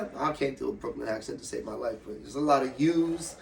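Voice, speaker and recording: A young man from Ohio, an MMA fighter, telling his story in a loose, profane, animated way during a casual interview. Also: medium pitch, quick pace, vocal fry, reverberant. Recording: slightly distant mic with faint room noise.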